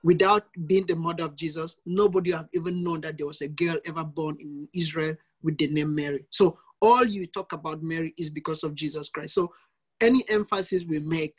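A man's voice: a little high, fairly even intonation, a little fast, husky. Emphatic male priest teaching. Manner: emphatic, repeats lists of examples. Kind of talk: teaching talk in an online session.

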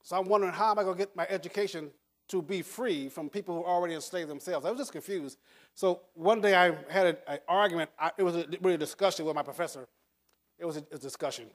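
With a high-sitting voice and a quick pace, an older American man motivates an audience, speaking emphatically. Words get repeated, and he chuckles his way through the stories he tells.

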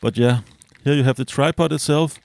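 Gravelly-voiced man doing a relaxed unboxing. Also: medium pitch, a little fast. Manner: relaxed, hesitant, many fillers and self-corrections. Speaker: product reviewer. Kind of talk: casual unboxing review.

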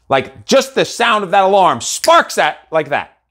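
A man's voice: high voice, big pitch swings, unhurried, fairly bright tone. A middle-aged man hosting a live motivational show, talking in a blunt, profane, intense way. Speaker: coach and show host.

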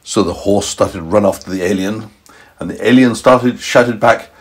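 A man improvising a playful bedtime story for a small child at home. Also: moderate pace. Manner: animated, playful, pitch swooping for emphasis. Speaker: parent storyteller.

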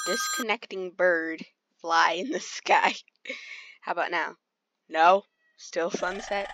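Slow-talking woman gamer, lo-fi audio. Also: mid-range voice, fairly bright tone. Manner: chatty, easily startled, talks to animals. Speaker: gamer streaming play. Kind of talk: casual gameplay commentary. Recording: dull lo-fi sound.

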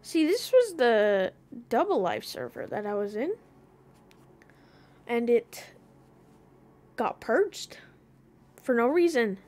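A woman streaming a video game, chatting casually as she plays, swearing freely and now and then breaking into loud panicked yelling. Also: on the high side, wildly swooping pitch, slow pace, pauses often. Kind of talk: casual gaming commentary.

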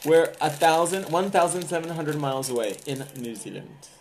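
A woman's voice: low-pitched, animated, moderate pace, noisy background. A woman hosts a casual live video and talks straight to her viewers. She giggles a lot and overplays her disgust in a friendly, informal way. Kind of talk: casual taste-test chat.

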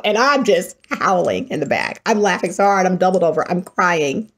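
A middle-aged woman hosting a show, telling a story in an animated way and often breaking into laughter. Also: medium pitch, a little fast, few pauses. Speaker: host. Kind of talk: storytelling monologue.

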